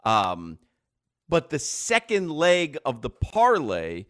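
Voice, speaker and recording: A man hosting a sports talk radio show, telling rambling stories in an animated way and laughing often, on a close studio mic. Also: fairly high pitch, slow, dry recording.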